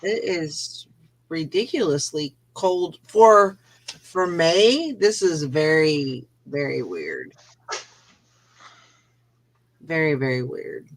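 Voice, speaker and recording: A woman hosting a morning show in casual chat, chatty and quick to laugh. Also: sits low, big pitch swings.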